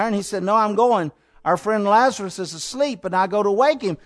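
A man preaching a storytelling sermon, acting out the quotes with sudden swings between loud and soft. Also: high-pitched, brisk.

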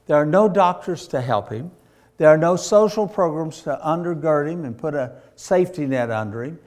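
Male preacher, storytelling sermon, animated delivery, slightly high register. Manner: animated, acts out voices and shouts.

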